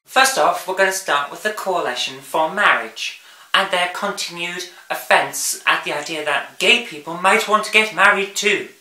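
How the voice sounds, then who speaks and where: A woman's voice: on the low side, moderate pace, sharp tone, echoey room, rough recording. A woman hosting a vlog, ranting about the news in an angry, sarcastic, sweary way. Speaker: vlog host.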